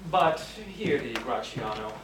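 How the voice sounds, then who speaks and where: A man playing an earnest young gentleman in an amateur stage play, declaiming verse with shifting emphasis. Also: medium pitch, lively intonation, a little slow. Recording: roomy hall, far camera, noise.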